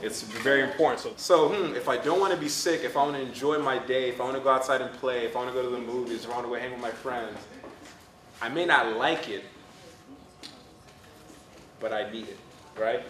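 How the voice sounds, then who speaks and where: A man's voice: mid-range voice, a little fast, long pauses, roomy sound, recorded from a distance, a crowd in the background. A man speaking to children at a fitness camp about nutrition, coach-like and full of questions he answers himself. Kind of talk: energetic talk to children. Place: community center event with children.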